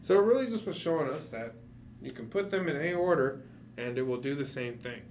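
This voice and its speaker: A man's voice: a little high, lively intonation, a little mellow, a little hiss or hum. Joking man reading kit steps aloud. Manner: jokey, reads steps aloud deliberately. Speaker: hobbyist reading kit instructions. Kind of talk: casual chat, reading instructions aloud. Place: hackerspace workshop.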